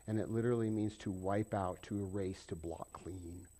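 A man preaching a conversational sermon, jumping from loud emphatic bursts to quiet asides. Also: lowish voice, fairly even intonation, unhurried. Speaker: pastor.

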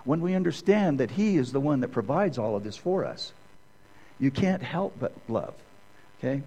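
A man's voice: medium pitch, lively intonation, normal speed, mellow, slightly rough, muffled recording. A middle-aged man teaching a conversational sermon, rambling through personal stories and often checking in with "okay?". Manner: rambling, keeps asking "okay?". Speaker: Bible teacher.

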